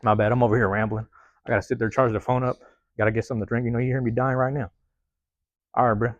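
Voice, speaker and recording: A man's voice: medium pitch, level tone, quick pace, no echo. A man hosting a podcast alone, rambling in a casual, profane monologue and tagging lines with "man", recorded on a phone. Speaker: podcast host.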